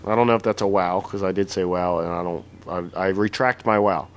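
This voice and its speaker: A man's voice: low-pitched, fairly even intonation, a little fast. A man co-hosting a casual podcast, rambling and crude, often correcting himself mid-sentence. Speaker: podcast co-host.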